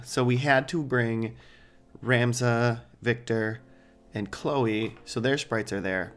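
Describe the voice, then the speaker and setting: A man hosting a let's play, giving casual gameplay commentary with joking, rambling asides. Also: on the low side.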